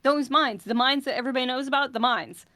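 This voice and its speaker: A woman's voice: high-pitched, fast, bright, forceful tone, dry recording. A woman voicing a curt young daughter who wants a stranger gone, in a tabletop game. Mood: exasperated. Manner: curt and dismissive.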